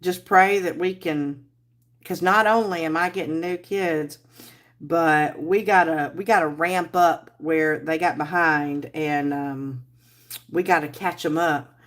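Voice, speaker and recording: A woman's voice: deep voice, steady tone, slow pace. A woman hosting a casual livestream, rambling and chatting with viewers while she crafts. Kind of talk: casual live-stream chat while crafting.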